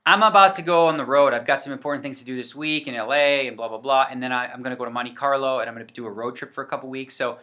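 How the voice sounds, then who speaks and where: Bright-voiced man rambling to camera. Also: medium pitch, racing, hardly any pauses. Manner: chatty, rambling, with frequent fillers and self-corrections. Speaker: poker vlogger. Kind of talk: casual to-camera rant. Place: indoors in front of a set backdrop. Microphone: facing the camera.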